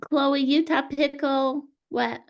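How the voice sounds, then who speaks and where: A woman's voice: high voice, fairly even intonation, takes it slowly. A woman co-hosting a video call, making light, teasing asides. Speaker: co-host. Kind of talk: casual chat on a video call.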